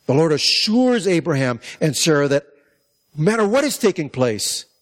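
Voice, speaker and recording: A man's voice: on the high side, very animated, normal speed. A man preaching a conversational Bible-teaching sermon, reading verses and asking the listeners questions. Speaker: pastor.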